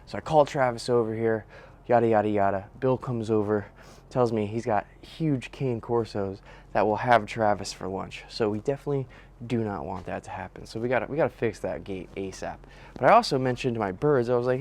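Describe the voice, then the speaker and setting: Out on rural land, a young man builds and chats casually to his handheld camera, using plenty of slang. He talks fairly quickly in a lowish, slightly mellow voice.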